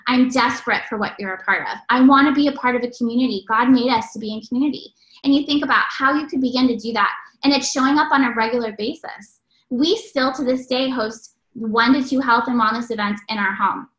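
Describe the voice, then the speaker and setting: A woman giving an energetic, preachy motivational talk to a sales team. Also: a little high, a little fast, roomy sound, rough recording. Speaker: network marketing speaker.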